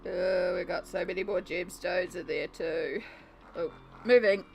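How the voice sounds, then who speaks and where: Giggly, gravelly-voiced woman streamer. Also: lowish voice, unhurried, a little mellow, slight background noise. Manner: giggly and self-deprecating, talks to chat. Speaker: art streamer. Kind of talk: casual live-stream chat while colouring.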